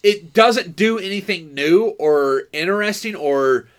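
A man co-hosting a casual movie podcast, talking in a high, bouncy voice that swings all over its range. He rambles, restarts his sentences and swears freely as he gets worked up. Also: animated, unhurried. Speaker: podcast co-host.

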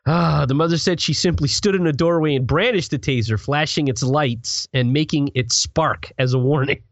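A man's voice: on the high side, moderate pace, no room sound. A man hosting a casual comedy podcast, reading news stories aloud and joking about them. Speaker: podcast host.

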